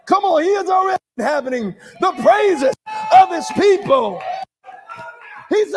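A man preaching a charismatic sermon, shouting in a sing-song cadence, calling for responses and breaking into tongues. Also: extremely high pitch, lively intonation, measured pace, soft background music. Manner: calls for congregation responses.

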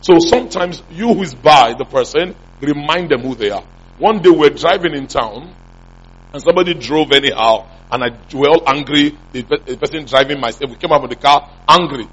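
Pastor preaching, husky voice a bit high for a guy, muffled lo-fi sound, keeps asking the crowd if they follow. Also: fairly quick, fairly bright tone. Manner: call-and-response preaching, repeated questions to the congregation. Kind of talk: sermon.

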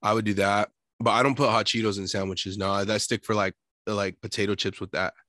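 A young adult man in casual chat, laughing often and telling stories with lively quoted voices. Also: on the low side, fairly quick, dry recording, clean studio sound.

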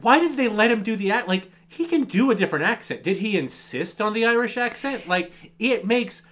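Co-host, lively swooping pitch, incredulous, swears, casual recap. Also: brisk. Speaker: podcast co-host. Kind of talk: casual movie recap chat.

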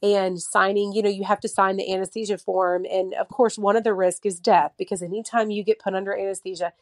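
A woman's voice: mid-range voice, little pitch movement, a little fast, no room sound. Chatty thirties woman, story-driven podcast talker, quotes people in little voices, dry close sound. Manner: chatty storyteller, many fillers, acts out quotes. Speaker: mother of a child with a heart condition. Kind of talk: casual podcast conversation.

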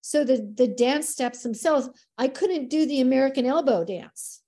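Middle-aged woman chatting as a podcast guest, kinda high voice, warm and mellow, animated storyteller. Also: moderate pace. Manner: lively, expressive storytelling. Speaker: guest, dance teacher. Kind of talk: casual podcast conversation.

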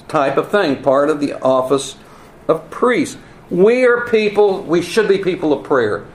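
A man preaching a teaching sermon, earnest and emphatic, with wry asides and halting repeats. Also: on the high side. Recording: roomy echo, faint ambience.

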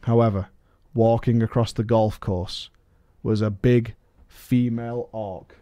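A man's voice: mid-range voice, a little mellow, dry recording, studio quality. A man narrating a comedic story in a playful way, chuckling at his own telling.

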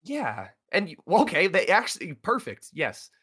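A man co-hosting a casual podcast chat, animated and quick, often acting out silly voices. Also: high voice, husky. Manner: animated, fast-talking, acts out silly voices. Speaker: podcast co-host.

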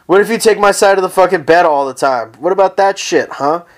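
Brief: profane, rambling solo podcast host, slightly high-pitched man. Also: fairly quick. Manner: profane, rambling, comic ranting. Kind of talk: casual solo podcast rant. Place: at home, lying down.

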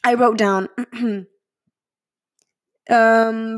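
A woman's voice: a little high, level tone, slow pace. A woman from Spain, gushing and swearing casually as she reviews a film in a chatty vlog. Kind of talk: casual chat.

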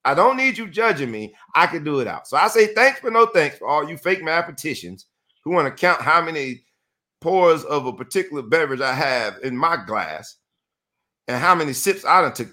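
A man hosting a casual sports talk show, emphatic and animated, repeating phrases for effect. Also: a little high, a little fast.

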